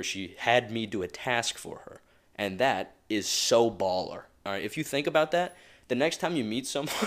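A young man hosting a motivational podcast alone, talking casually and rambling with many asides and chuckles. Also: mid-range voice. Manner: rambling and conversational, with frequent asides; chuckles often. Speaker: podcast host.

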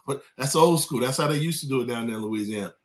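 At a medium pitch, a man from California who was a college quarterback discusses sports as a guest in an easygoing conversation. He sounds lively and repeats himself at the start of thoughts.

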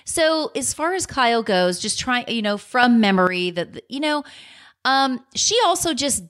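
A woman's voice: a little high, very animated, measured pace, a bit bright. Gossipy woman podcast co-host. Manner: gossipy, laughs often, acts out quotes. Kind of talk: casual chat.

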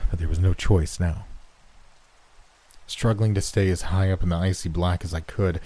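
A man narrating a first-person horror story in a measured, somber way. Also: low-pitched, warm tone, low-quality recording.

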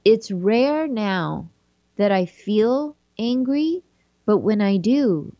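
A woman hosting a show, reading aloud from a book and reflecting on it in a gentle, thoughtful way. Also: medium pitch, animated, drawn-out words, no echo, muffled recording. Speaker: podcast host.

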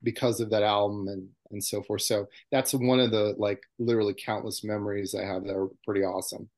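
A man in his fifties, from New York, telling a fan memory as a podcast guest in an excited, profane way. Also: fairly low pitch, brisk. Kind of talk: casual storytelling.

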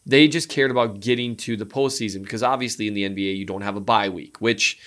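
A middle-aged man co-hosting a casual sports podcast, animated, his voice jumping up in pitch when he makes a point. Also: fast.

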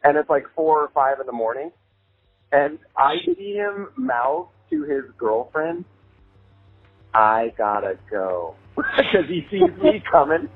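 A young man telling a casual anecdote, animated, laughing often and swearing casually, with many "like" fillers. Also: a little high, slow pace, vocal fry. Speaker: storyteller. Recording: phone-like line with faint music.

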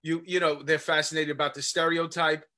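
A man's voice: on the high side, brisk. A man with a New York accent, an actor, talking emphatically in casual chat with plenty of fillers. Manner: emphatic, animated, many fillers. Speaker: actor, co-host.

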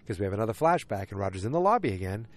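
A man's voice: fairly low pitch, sing-song, racing. A man casually recapping a TV episode, rambling and often interrupting himself. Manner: rambling, self-interrupting storyteller.

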